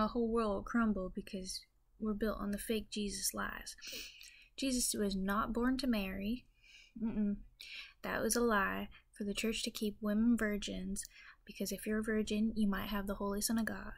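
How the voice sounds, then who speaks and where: A woman with a Southern US accent telling a rambling mock-religious comedy story in a folksy, deadpan way. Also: medium pitch.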